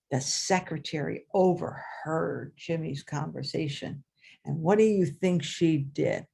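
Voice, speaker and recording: Older woman storyteller, husky tone, animated delivery, jumps high for character voices. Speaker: storyteller, former teacher. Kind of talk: oral storytelling at a story swap.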